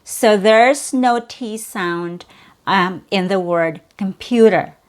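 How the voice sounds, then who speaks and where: A woman's voice: mid-range voice, slow. A woman teaching English pronunciation, modeling each sound and repeating words carefully. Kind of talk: slow, clear pronunciation lesson.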